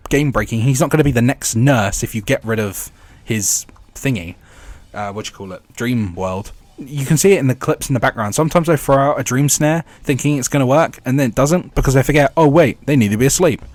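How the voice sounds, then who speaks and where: A man's voice: medium pitch, a little mellow, no echo. A man giving blunt, rambling game commentary with wry asides. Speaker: gaming YouTuber.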